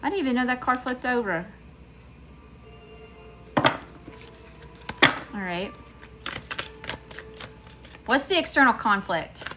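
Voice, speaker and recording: A woman's voice: a little high, animated, slow pace, pauses often, over music. A middle-aged woman with a Southern US accent, giving an emphatic live tarot reading straight to her viewers. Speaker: tarot reader.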